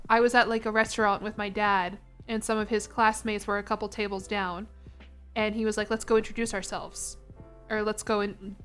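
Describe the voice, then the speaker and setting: A young American woman with a medium-pitched, fairly bright voice streams a game and chats casually with her live audience. Her talk rambles and comes across as self-conscious.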